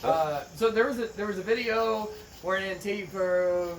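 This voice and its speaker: A man's voice: sits high, measured pace, recorded from a distance, slight background noise. A man co-hosting a podcast, telling a story in a profane, jokey, casual manner and acting out the quotes. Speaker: podcast co-host. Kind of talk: casual chat.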